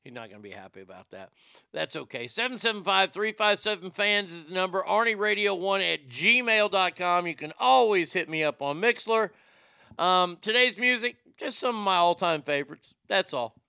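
A man's voice: high voice, lively intonation, moderate pace, vocal fry, bright, forceful tone, clear, resonant tone, no echo. A man hosting an internet radio show, rambling through a profane, joking comedy monologue into a studio mic.

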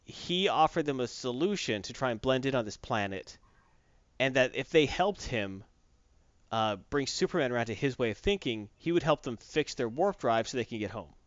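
A man talks casually, walking through a comic book plot in a loose, rambling way full of fillers and restarts. His voice sits at an ordinary pitch. The recording is dull and lo-fi, with a dry, close sound. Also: animated, normal speed, no room sound. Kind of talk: casual chat recapping a comic book story.

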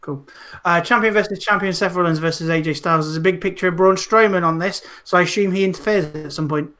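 A man's voice: high-pitched, fast talker, a bit bright. A man co-hosting a podcast who keeps the wrestling rundown moving with brief prompts and questions. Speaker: podcast co-host. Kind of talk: casual wrestling review chat.

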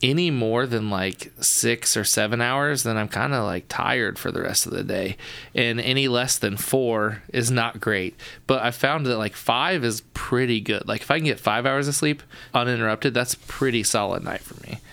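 A young man speaks as a podcast guest in a relaxed way, full of fillers like "like". His voice is gravelly but smooth, and the sound is dry and close. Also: mid-range voice, normal speed, dry recording. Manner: relaxed, filler-heavy, laughs often. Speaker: guest, church elder and musician. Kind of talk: casual interview.

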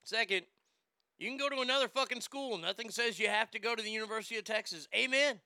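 A man's voice: high voice, fast, sharp tone, smooth, dry recording, studio quality. A man hosting a sports show, delivering a profane, ranting monologue and stammering over repeated words.

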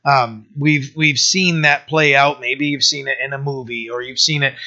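A man's voice: medium pitch, fairly even intonation, moderate pace, pushed and bright. A middle-aged man preaching an informal sermon, reading scripture and talking it through with many fillers, restarts and trailing phrases. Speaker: pastor. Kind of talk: informal sermon, Bible teaching. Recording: dull lo-fi recording.

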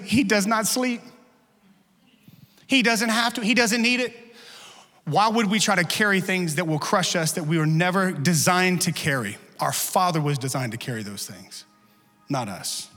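A male pastor giving a lively, conversational sermon full of humor in a church. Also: on the high side, big-room sound. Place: church sanctuary.

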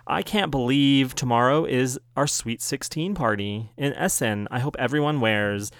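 A man's voice: medium pitch, moderate pace, dry recording, clean studio sound. A young man hosting a fan podcast, talking in a chatty, playful way with little laughs. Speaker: podcast host. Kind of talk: casual podcast monologue.

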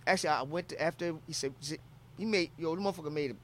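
A man's voice: on the high side, rapid-fire, a little hiss or hum. A man from Philadelphia telling a travel story in casual, profane talk, acting out quotes from people he met.

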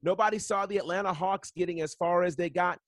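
A man's voice: high-pitched, steady tone, fast talker, no echo. A man co-hosting a podcast, talking emphatically about sports underdogs with "listen" and "you know". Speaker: podcast co-host. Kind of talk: casual podcast chat.

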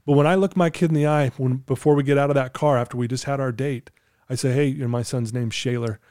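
A man's voice: mid-range voice, fairly even intonation, fast talker, mellow, clean tone, dry recording, studio quality. A middle-aged man sharing parenting advice in a casual podcast chat, earnest and coaching. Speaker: podcast guest.

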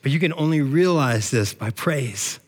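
A middle-aged man preaching an energetic sermon in a church, breaking into shouts of praise and casual slang. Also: mid-range voice, moderate pace, breathy edge. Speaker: pastor.

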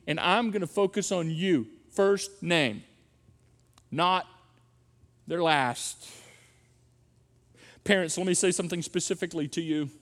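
Emphatic high-voiced man preaching in a hall. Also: measured pace, long pauses, fairly bright tone. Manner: emphatic, repeats key phrases for effect. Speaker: pastor. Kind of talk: sermon on parenting.

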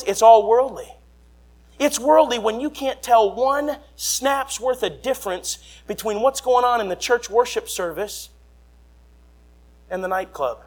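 A young man, preaching a fiery revival sermon and swinging between quiet asides and shouts. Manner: fiery, shouting, sweeping swings in pitch and volume. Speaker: traveling preacher.

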